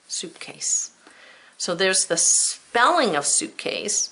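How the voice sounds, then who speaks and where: A woman's voice: medium pitch, sing-song, drawn-out words, pauses often, pushed and bright. A woman teacher giving a recorded spelling lesson to children, patient and encouraging, stretching out the sounds of words.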